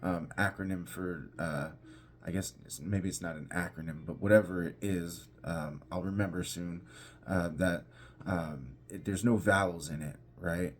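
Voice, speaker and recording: A pastor teaching an informal devotional, talking conversationally with restarts and emphatic repetition. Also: male voice, deep voice, fairly even intonation, moderate pace, a little hiss or hum.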